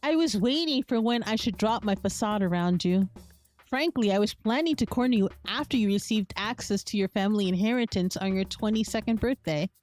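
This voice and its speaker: A woman's voice: medium pitch, brisk, a little mellow, faint music behind, close to an everyday voice. A woman voicing Mister Dietrich, a greedy scheming male sorcerer-shopkeeper who threatens and curses, from a game. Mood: cold menace. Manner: smug, threatening, cursing.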